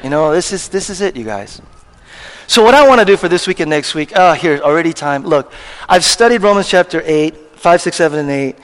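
A male pastor with a high voice delivers a sermon in a chatty, emphatic way, firing questions at the congregation. His words ring out with the long reverb of a church hall. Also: lively intonation, brisk.

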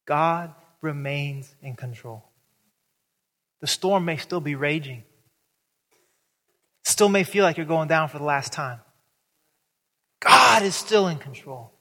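A man preaching a sermon as pastor, animated, acting out the voices in the story with big jumps in pitch. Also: big-room sound.

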